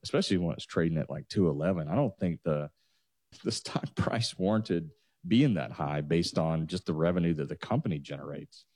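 A man with a very low, dark-toned voice talks finances on a radio show. He is energetic and rambling, and the sound is dry and close. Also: brisk, no echo. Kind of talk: casual radio talk show chat. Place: radio studio.

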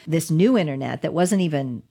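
Low-voiced woman telling an animated story. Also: moderate pace. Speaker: digital rights lawyer. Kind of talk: storytelling in an interview.

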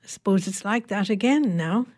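Woman narrator as an older housewife, homely rambling chatter, lively ups and downs. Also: medium pitch, moderate pace, close to an everyday voice. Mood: reminiscing.

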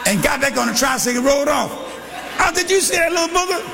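An older man preaching a sermon, telling a story and shouting to a congregation in call-and-response. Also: very high-pitched, lively intonation, quick pace, vocal fry, crowd noise. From Texas. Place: church hall. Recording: live in a reverberant church with congregation.

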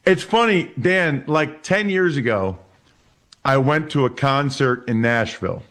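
A man in his forties from Pennsylvania, a guest telling stories in a casual chat. He talks in an animated way and often repeats words as he starts sentences. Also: mid-range voice, measured pace. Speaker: interview guest. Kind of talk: casual storytelling.

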